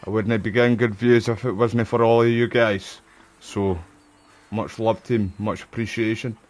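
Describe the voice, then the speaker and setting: A man's voice: lowish voice, fairly even intonation, normal speed. A man with a West Lothian Scottish accent chatting casually and swearing freely while he streams a game for his viewers. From Scotland. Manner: friendly, chatty, sweary slang. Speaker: live streamer. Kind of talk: casual chat over gameplay.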